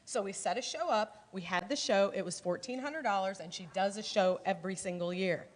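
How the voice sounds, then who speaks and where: This is a middle-aged Illinois woman coaching her sales team in a chatty, energetic way, performing little lines of dialogue. Her pitch is medium and she talks a little fast.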